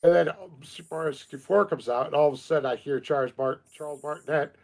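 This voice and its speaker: A man's voice: on the high side, fast talker, gravelly, darkish tone. A man in his thirties co-hosting a casual gaming chat, rambling with lots of fillers and restarts. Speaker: podcast co-host.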